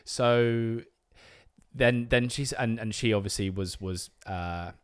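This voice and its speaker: British guy, low-pitched, lively storyteller, podcast guest. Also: slow, clear, resonant tone. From Britain. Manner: animated storytelling, breaks into voices to quote people. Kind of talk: casual chat.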